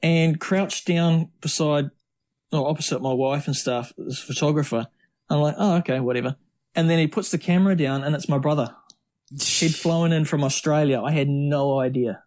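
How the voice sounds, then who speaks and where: A middle-aged man, a guest on an interview podcast, telling lively, rambling stories with many restarts. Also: a little high, normal speed. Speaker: triathlete guest. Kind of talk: casual storytelling interview.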